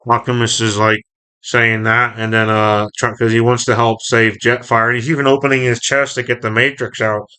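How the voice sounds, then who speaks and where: A man's voice: fairly low pitch, flat delivery, normal speed, pushed and bright, clean tone. Rambling man recapping a comic. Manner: rambling, self-correcting recap with filler. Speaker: comic book reviewer. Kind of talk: casual comic read-along and review.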